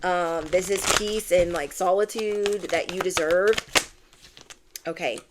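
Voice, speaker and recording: Noise fills the background as a young adult woman gives her viewers a relaxed tarot reading in a fairly low, unhurried voice. Bubbly and gushing, she leans heavily on "like" and "oh my gosh."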